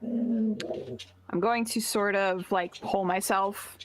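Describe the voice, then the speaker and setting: A woman's voice: mid-range voice, fairly even intonation, very slow. A young woman player in a tabletop game, describing her actions hesitantly with fillers.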